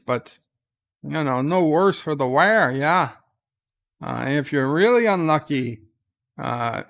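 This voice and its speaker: A man doing a rambling outback Australian tall-tale teller with a broad mock accent. The voice runs a touch high and stays smooth and clean while the yarn winds on. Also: fairly bright tone. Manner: exaggerated, rambling yarn-spinning.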